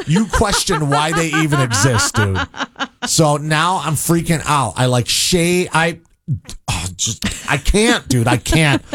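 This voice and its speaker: A middle-aged man, co-hosting morning radio and telling an excitable, frantic story. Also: fairly high pitch, takes it slowly. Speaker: radio show co-host.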